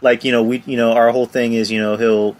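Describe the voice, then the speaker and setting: A man's voice: medium pitch, level tone, quick pace. A man hosting a casual podcast chat, rambling with many fillers and laughing along. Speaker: podcast host.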